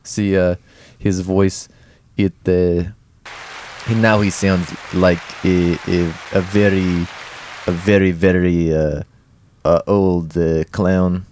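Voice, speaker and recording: A man's voice: deep voice, level tone, slow, darkish tone, a little hiss or hum. A young man playing a Russian immigrant husband in a mock Russian accent, speaking in hesitant broken English as a podcast co-host. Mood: halting. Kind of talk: improvised comedy bit.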